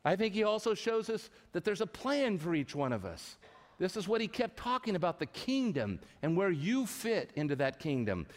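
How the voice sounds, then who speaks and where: A man delivering a sermon in a big church sanctuary, his voice ringing with a long hall echo. His pitch sits a little high and swings widely as he tells the story with animated energy, often stumbling and restarting mid-phrase. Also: moderate pace. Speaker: pastor. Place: church sanctuary with a live congregation. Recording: long reverb of a large hall.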